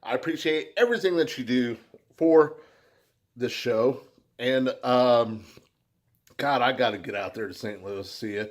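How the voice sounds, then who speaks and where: An American man chatting casually to his viewers in a loose, rambling way. He swears freely and fills his pauses with plenty of ums and uhs, and his voice sits at a mid pitch. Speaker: beer review vlogger. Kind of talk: casual shout-outs to viewers.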